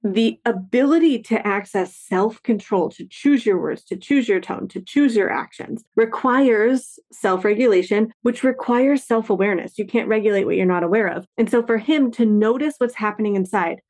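A woman's voice: medium pitch, moderate pace, few pauses, a little mellow. Woman explaining, voicing example quotes. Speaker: parenting educator and author guest. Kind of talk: conversational interview explanation.

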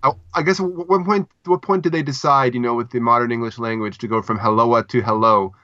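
A man co-hosting a casual literary podcast, talking with a dry, deadpan humor. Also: mid-range voice, fast, dry recording. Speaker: podcast co-host. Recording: dull, dry lo-fi mic.

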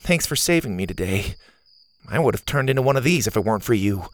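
A man voicing a kind, gentle boy at camp who speaks in a friendly, earnest way. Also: lowish voice, lively intonation, quick pace, dry recording, studio quality, lightly acted.

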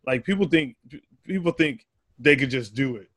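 A man's voice: medium pitch, moderate pace, no room sound. A man, a stand-up comedian, telling stories animatedly with a lot of swearing on a casual podcast. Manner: animated storytelling, heavy swearing, laughs often. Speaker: comedian guest.

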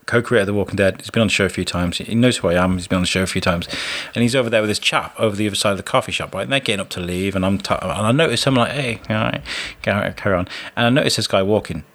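Rambling podcast host, low voice. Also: male voice, racing, a bit bright. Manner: rambling, chatty, with restarts and filler words. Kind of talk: casual chat and outro.

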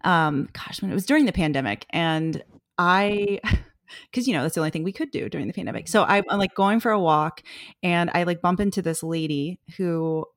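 A woman's voice: fairly low pitch, normal speed, dry recording, studio quality. A woman in her forties hosting a podcast, telling stories in a reflective, earnest way. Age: 40s. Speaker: podcast host. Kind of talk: casual podcast conversation.

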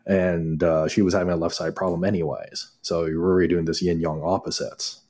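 A man with a very low, deep voice speaks as a guest acupuncturist. He tells clinic stories in a loose, conversational way. He animates them by acting out the lines of the people he quotes. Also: normal speed. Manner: animated, acts out quoted dialogue. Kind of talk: casual storytelling conversation.

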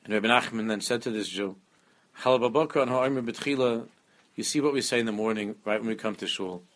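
A man giving a lively Torah class, often repeating phrases and mixing Hebrew terms into his English. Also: medium pitch, brisk. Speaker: rabbi teaching a class.

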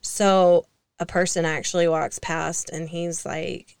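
A woman's voice: fairly low pitch, fairly even intonation, unhurried, clean tone, dry recording. A young woman co-hosting a casual podcast, telling stories in a chatty way with fillers and laughs. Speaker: co-host.

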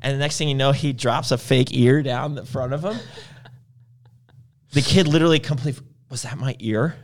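A man's voice: medium pitch, fairly even intonation, brisk. A man in casual conversation, telling long, rambling anecdotes and acting out the people in them. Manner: rambling storyteller, acts out quoted voices. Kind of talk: casual chat.

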